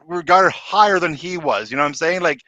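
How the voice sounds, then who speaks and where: A man hosting a casual fan podcast discussion, talking in animated bursts and often restarting his sentences. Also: on the high side, brisk, no room sound, lo-fi sound. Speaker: podcast host.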